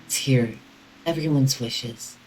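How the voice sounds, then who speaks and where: A man voicing an earnest young woman soldier from a game by raising his voice high and reading her formal lines. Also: slow, darkish tone, faint music behind, natural voice, poor audio. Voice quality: high-pitched put-on voice.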